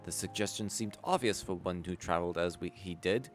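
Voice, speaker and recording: A man reading the lines of a small, formal storyteller from a merchant clan, measured and solemn. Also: deep voice, faint music behind, natural voice. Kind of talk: reading game dialogue aloud.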